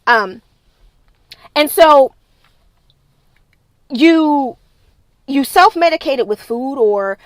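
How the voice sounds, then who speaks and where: A woman's voice: high voice, lively intonation, drawn-out words, pauses often, no echo. A woman wellness coach giving a live-streamed motivational talk into her phone, emphatic and repetitive, driving her points home with a preachy insistence.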